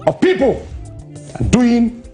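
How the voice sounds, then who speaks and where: A man's voice: extremely high pitch, big pitch swings, takes it slowly, music in the background. A Ghanaian man hosting a morning show, delivering impassioned commentary with emphatic, preacher-like repetition.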